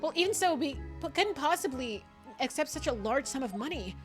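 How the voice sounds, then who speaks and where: A woman's voice: sits high, animated, a little fast, over loud music. A woman doing a stiff, polite young Japanese man. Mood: formal. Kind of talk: reading game dialogue aloud.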